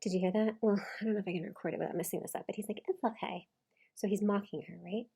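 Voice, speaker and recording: A woman commenting casually on a video she is reacting to, repeating lines back and picking them apart with lively emphasis. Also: mid-range voice, very fast, vocal fry, slightly rough.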